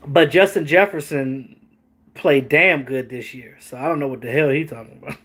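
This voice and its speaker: A man hosting a casual sports talk stream, animated, joking and swearing as he reacts to chat. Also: on the high side, normal speed, a little hiss or hum. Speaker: host.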